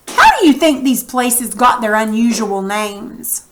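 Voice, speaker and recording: A patient woman teaching a reading lesson in an unhurried, deliberate voice. Her voice sits a little high, and she keeps posing questions to her class. She sounds out each word slowly and clearly. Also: very animated, sharp tone, poor audio.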